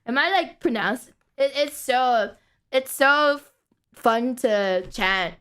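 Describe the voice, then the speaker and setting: A woman's voice: high voice, animated, takes it slowly, fairly bright tone, smooth. A young woman streaming from home, chatting casually and rambling, with playful chanting and casual swearing. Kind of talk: casual late-night stream chat.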